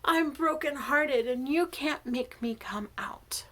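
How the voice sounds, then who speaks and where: A woman's voice: high voice, slow, a bit bright. A woman voicing a heartbroken sun goddess who stubbornly refuses to leave her cave, pouting.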